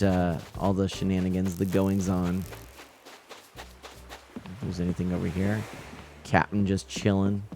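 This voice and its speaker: A man with a somewhat low voice gives live commentary on a fishing game. He talks casually to his viewers, reading their messages and laughing often. Faint game music plays behind him. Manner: chatty, reads out chat and greets viewers, nervous excited laughs. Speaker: game streamer.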